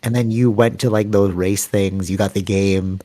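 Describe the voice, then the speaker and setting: A man's voice: on the low side, normal speed. A man co-hosting a podcast, telling rambling stories in casual chat and acting out what people said. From Canada. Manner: rambling, animated storytelling with acted-out quotes. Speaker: podcast co-host.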